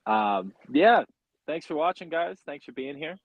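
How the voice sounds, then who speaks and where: A man, a writer and director joining as a guest, speaking in a thankful, slightly halting way on a video call. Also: on the high side, expressive, lo-fi sound. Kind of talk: casual chat on a video call.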